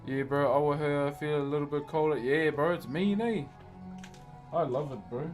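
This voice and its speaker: A man's voice: a little high, moderate pace, poor audio. A man with a New Zealand accent, live-streaming his wood carving and chatting casually with viewers, calling everyone bro. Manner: laid-back, calls everyone bro. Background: music playing.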